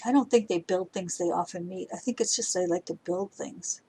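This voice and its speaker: A woman's voice: lowish voice, brisk, warm tone, husky, rough recording. A woman teaching writing to middle schoolers, explaining step by step while she edits. She sometimes reads the example sentences aloud with acted emotion. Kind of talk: recorded grammar lesson for middle schoolers.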